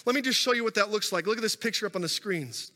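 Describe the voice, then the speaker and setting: This male pastor talks fast, with a high-sitting voice and a sharp edge, and his storytelling sermon swells and recedes in intensity. A stage microphone records him in a church sanctuary, where the large hall lends a long reverb.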